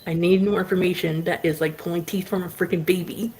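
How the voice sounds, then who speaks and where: A woman's voice: fairly low pitch, fast talker, background noise. A woman livestream host casually telling a rambling story, full of "like" fillers. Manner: animated anecdote telling.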